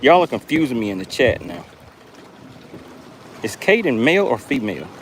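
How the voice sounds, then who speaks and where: A man running a fishing live stream from a boat outdoors, reading viewer chat aloud with animated exclamations. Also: mid-range voice, normal speed, slight background noise.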